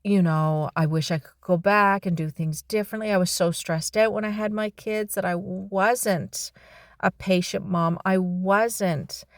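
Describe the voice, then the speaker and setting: Halting, heartfelt middle-aged woman. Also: mid-range voice, steady tone, no room sound, clean studio sound. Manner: halting, heartfelt, with sighs and restarts. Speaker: vlogger. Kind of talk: personal reflective talk.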